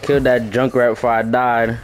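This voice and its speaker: A man's voice: mid-range voice, level tone, fairly quick, a little hiss or hum. A young man giving casual gameplay commentary, trash-talking loosely and rambling with restarts. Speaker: gaming streamer.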